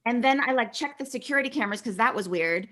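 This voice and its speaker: Middle-aged woman from California, guest actress, animated storyteller with a bright, slightly high voice. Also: fast. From California, USA. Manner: animated, chatty, acts out quoted dialogue. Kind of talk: casual interview storytelling.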